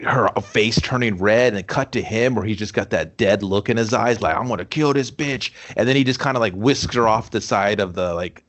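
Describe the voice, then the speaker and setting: A man's voice: on the low side, moderate pace, few pauses. A man co-hosting a casual movie review talk, animatedly acting out scenes with swearing and laughter. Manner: animated, acts out characters with profanity and laughter. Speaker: podcast co-host.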